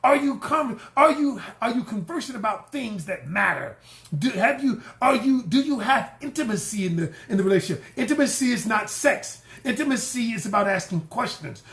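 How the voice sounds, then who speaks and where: Animated, emphatic male dating coach. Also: high-pitched, roomy sound. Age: middle-aged. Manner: emphatic, repeats key lines, acts out quoted voices. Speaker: relationship coach. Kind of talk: animated coaching talk to camera.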